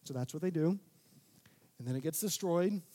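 A young man preaching a sermon, talking casually, then building to loud, emphatic peaks. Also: a little high, moderate pace. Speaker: pastor.

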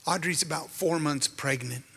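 Guy preaching, earnest emotional story, bright tense voice, big echoey hall. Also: a little high, moderate pace, gravelly, slightly rough. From Canada. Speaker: minister. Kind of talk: sermon with personal testimony. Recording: hall with long reverb.

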